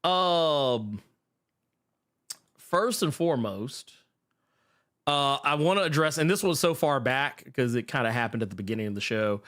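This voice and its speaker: A man's voice: mid-range voice, animated, a little slow, pauses often, fairly bright tone. A middle-aged man co-hosting a podcast in casual chat, laughing often and trailing off with fillers. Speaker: podcast co-host.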